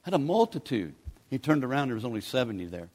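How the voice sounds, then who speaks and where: A man's voice: mid-range voice, very animated, fast, darkish tone. A man, preaching a sermon in a folksy, pleading, conversational way as a guest preacher. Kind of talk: sermon with altar call.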